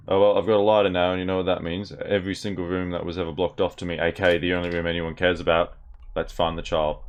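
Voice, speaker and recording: A man casually commentating a horror game in a fairly low voice. His asides are wry and sarcastic. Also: steady tone, fairly quick, a little hiss or hum. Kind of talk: casual let's-play commentary.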